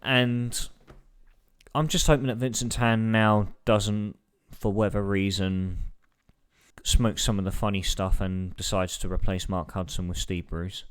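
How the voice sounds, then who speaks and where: A man co-hosts a football podcast in a chatty, wry manner. His voice is very deep and sounds smooth and resonant. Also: little pitch movement, unhurried. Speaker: podcast co-host. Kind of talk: casual football chat.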